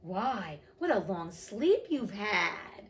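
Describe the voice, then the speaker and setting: A woman voicing a gentle, kind older sister in a storybook. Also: mid-range voice, big pitch swings, slow, noisy background. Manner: soft and gentle.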